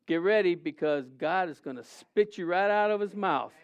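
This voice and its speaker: A man preaching a sermon, animated and conversational, often acting out quotes in a raised voice. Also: high voice, moderate pace, few pauses. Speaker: pastor. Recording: dull lo-fi sound.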